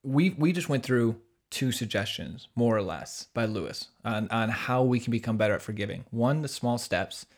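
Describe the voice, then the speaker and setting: A man with a medium-pitched voice hosts a podcast about faith. He sounds friendly and enthusiastic. He often restarts his sentences mid-thought. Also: expressive, normal speed, hardly any pauses. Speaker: podcast host. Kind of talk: conversational discussion of faith.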